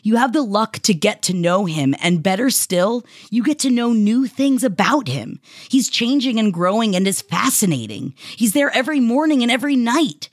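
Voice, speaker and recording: Expressive woman podcast host reading shout-outs. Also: moderate pace, few pauses, no room sound, clean studio sound. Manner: warm, emotional, heartfelt delivery with sudden pitch swings.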